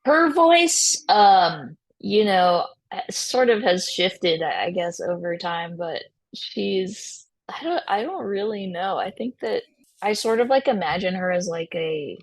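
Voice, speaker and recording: A woman's voice: mid-range voice, animated, slow, no echo. A woman musician as a podcast guest, chatting casually, with many fillers and restarts and frequent laughter. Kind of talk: casual interview chat.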